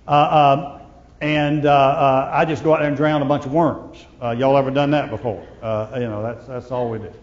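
Preacher swinging loud to hushed. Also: male voice, medium pitch, steady tone, moderate pace, big-room sound, muffled recording. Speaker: pastor. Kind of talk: sermon.

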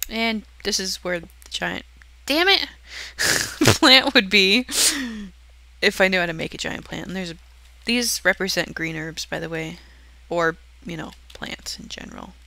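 A young woman chats her way through a game build, giggling and poking fun at herself as she goes. Her voice is bright and a little tense, with a gravelly fry that creeps in at the ends of her phrases. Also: on the low side, moderate pace, no room sound. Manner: giggly, self-deprecating, chatty. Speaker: channel host touring her build. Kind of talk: casual game walkthrough commentary.

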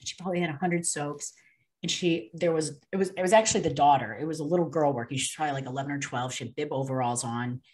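A woman's voice: low-pitched, steady tone, quick pace, darkish tone. A young woman guest in an interview, earnestly telling a personal story with many fillers and restarts.

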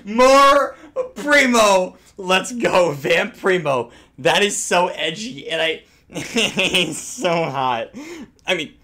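A young man streaming a reaction to a game trailer, loud and swearing with hyped outbursts. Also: high voice, lively intonation, drawn-out words. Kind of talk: excited reaction commentary.

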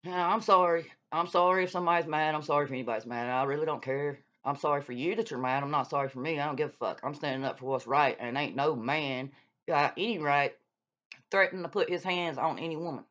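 A woman's voice: sits low, fast talker, a bit bright. A woman, ranting on her channel in a blunt, profane, scolding way. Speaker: YouTube vlogger calling out another creator. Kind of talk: heated casual rant. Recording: dull lo-fi sound.

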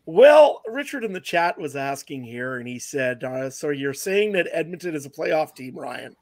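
A man's voice: fairly high pitch, very animated, moderate pace, darkish tone, no room sound. A man talking on a sports podcast, emphatic and declarative. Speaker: podcast co-host. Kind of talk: casual sports podcast talk.

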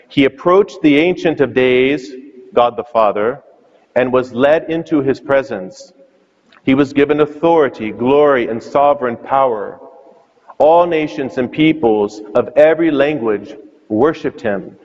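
A man's voice: medium pitch, a little slow, a little mellow. A man preaching a sermon as a priest, telling the story with questions to the listeners. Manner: storytelling, asks questions aloud. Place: church. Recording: muffled reverberant church sound.

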